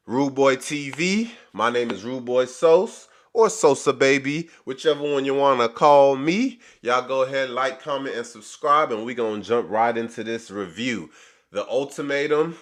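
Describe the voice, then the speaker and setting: A man talks straight to his channel's viewers in a casual review of a reality show. He rambles through the story in loose, slangy chat. His voice sits at an ordinary middle pitch. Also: measured pace, a bit bright. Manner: rambling, chatty retelling with slang.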